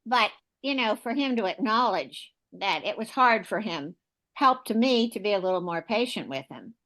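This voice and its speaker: A woman from the audience, once a nurse, recounts a personal story in a plain, candid way. She clears her throat now and then. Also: medium pitch, expressive, moderate pace, a bit bright. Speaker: audience member, former nurse.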